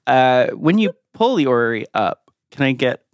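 A man runs a tabletop game in a playful, chatty way, laughing often and circling back over his own sentences. His voice sits at a middle pitch, recorded close and dry with no room sound. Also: big pitch swings, moderate pace, no room sound. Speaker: game master.

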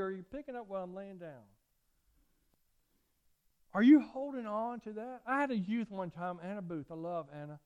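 A man's voice: high voice, moderate pace, pauses often, smooth. A middle-aged man, preaching a sermon and telling folksy stories with lots of repetition. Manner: folksy, animated storytelling with repeated phrases. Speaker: pastor.

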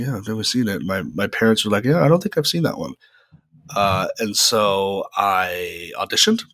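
A man's voice: lowish voice, fairly bright tone, dry recording, studio quality. A young man hosting a podcast, telling rambling personal stories in a chatty way with lots of "uh" fillers. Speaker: podcast host. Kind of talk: casual solo storytelling.

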